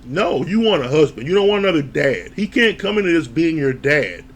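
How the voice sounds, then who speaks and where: Rambling male reviewer with a slightly high voice and an easy, chatty manner. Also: very animated, fairly quick. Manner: rambling and chatty, with frequent laughs. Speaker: TV show reviewer. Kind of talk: casual episode recap.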